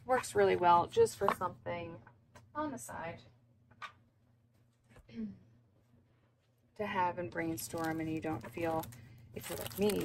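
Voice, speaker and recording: A young woman talks through an unboxing at her home desk in an easy, rambling way, full of ums and likes. Her voice sits low and has a gravelly fry to it. There is a steady hiss of noise under the recording. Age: young adult. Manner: rambling, chatty, many fillers. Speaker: planner vlogger. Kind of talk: casual unboxing chat. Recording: noisy background.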